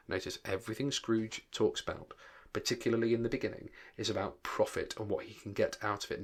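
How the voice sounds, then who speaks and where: Man, teacher, low voice, read-aloud, explanatory asides. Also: steady tone, a little fast. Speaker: English teacher. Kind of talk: read-aloud with rambling commentary.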